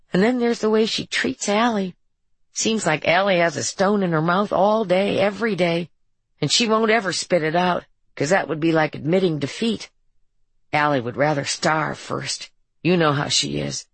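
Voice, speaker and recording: Woman doing a troubled teen boy, earnest and halting, low gravelly voice, dry audiobook read. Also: no room sound. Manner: earnest, halting confessional telling.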